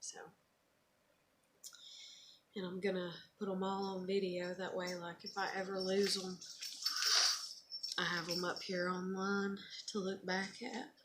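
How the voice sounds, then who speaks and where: A woman's voice: on the low side, little pitch movement, unhurried, pauses often, heavy background noise. A woman talking casually on her own video, frank and rambling, full of "you know" and "like", sometimes swearing. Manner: swears when frustrated. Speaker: mother sharing keepsakes on video. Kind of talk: casual personal vlog.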